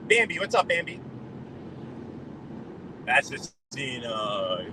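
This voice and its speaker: Slow and sing-song, this man's somewhat high voice carries over road and traffic noise as he drives. He's a New Yorker chatting loosely with live-stream viewers, naming them as he greets them and wandering between subjects.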